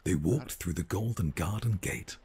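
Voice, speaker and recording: A man narrating a children's storybook in a game, with an even storyteller delivery. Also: low voice, normal speed, slightly rough, heavily acted.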